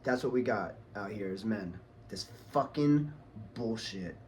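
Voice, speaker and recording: A man's voice: lowish voice, animated, measured pace, a little mellow, slight background noise. A man ranting heatedly on his vlog, swearing a lot and talking in a casual, angry way. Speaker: vlogger.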